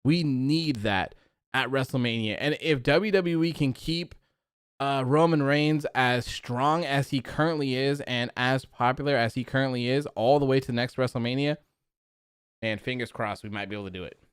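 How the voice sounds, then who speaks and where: A man's voice: medium pitch, moderate pace, smooth, no room sound, studio quality. A young man hosting a live stream, chatting casually and reading out viewer comments, with lots of "like" fillers. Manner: rambling, animated, many "like" fillers.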